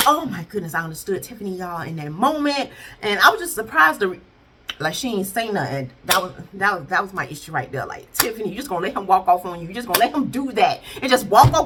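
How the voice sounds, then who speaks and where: A woman's voice: medium pitch, fairly quick, noisy background. A woman chatting casually through a recap of a TV episode, playfully acting out what she would say to the characters. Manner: animated, playfully voices the characters in asides. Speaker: TV series reviewer.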